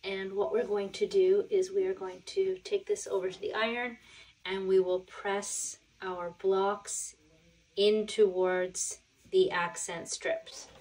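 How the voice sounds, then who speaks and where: A woman teaching a quilt tutorial, talking through each step in a relaxed, step-by-step way in her sewing room. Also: medium pitch, slow pace.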